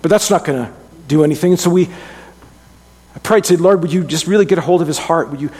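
A middle-aged man gives an earnest, conversational sermon in a slightly higher voice, often catching himself and restarting mid-sentence. His tone is breathy and husky, and a long reverb from the hall trails after each phrase. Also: fast, darkish tone. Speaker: pastor.

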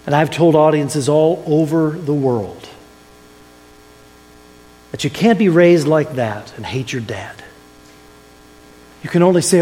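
Older guy preacher telling a story, kinda high voice, folksy, big echoey church. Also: a little slow, pauses often, a little mellow. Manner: folksy storyteller, chuckles at own jokes. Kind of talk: sermon storytelling. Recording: long hall reverb.

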